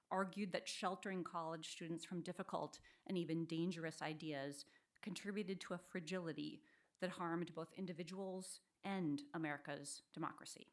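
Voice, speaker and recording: Woman doing a formal intro at an event, slightly low voice, measured. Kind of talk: reading a prepared introduction. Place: lecture hall before a live audience.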